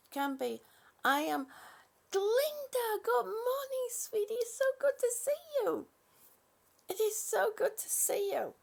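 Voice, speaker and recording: A woman's voice: on the high side, vocal fry. An older woman hosting a live stream, chatting as she reads viewers' comments, with many ums and restarts. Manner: chatty, warm-hearted, with frequent "um" and restarts. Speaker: channel host.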